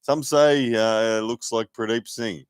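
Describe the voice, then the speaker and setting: A man's voice: medium pitch, fairly even intonation, measured pace, clear, resonant tone, dry recording, clean studio sound. A man hosting a live sports commentary stream in a chatty, filler-heavy way. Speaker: host and commentator.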